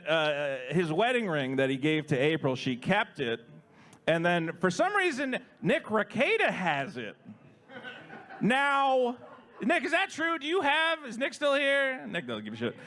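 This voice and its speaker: Very high-pitched animated man. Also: measured pace. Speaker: podcast co-host. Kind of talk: casual chat.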